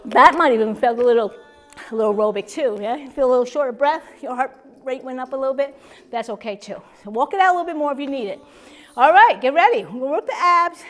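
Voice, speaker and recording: Lively, encouraging woman fitness instructor. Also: sits high, fast, soft background music. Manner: upbeat and encouraging, with loud whoops. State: a little out of breath. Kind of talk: instructing a seated strength class.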